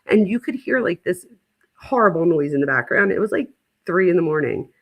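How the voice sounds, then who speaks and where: A woman in her thirties hosts a relaxed chat and tells a story with plenty of filler words. Her voice has a gravelly rasp to it. Her pitch rises and falls freely from line to line. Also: brisk. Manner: chatty storyteller, lots of "like" fillers. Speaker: host. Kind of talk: casual chat.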